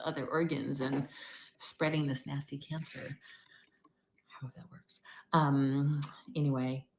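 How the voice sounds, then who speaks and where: A middle-aged woman talking candidly in a personal video diary, rambling and moving between loud bursts and near-whispers. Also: deep voice, a little hiss or hum. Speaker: vlogger.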